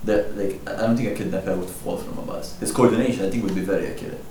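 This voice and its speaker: A man's voice: deep voice, fairly even intonation, racing, dark tone. A young man who hosts a podcast, chatting casually, rambling and joking with frequent laughs. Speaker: podcast host. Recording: roomy echo, distant mic, faint noise.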